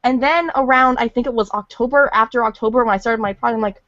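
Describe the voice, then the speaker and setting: Brief: high-pitched woman, rambling self-deprecating podcast chat, dry close sound. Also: fast talker, hardly any pauses, fairly bright tone, no room sound. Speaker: fan voice actor. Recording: dull lo-fi audio.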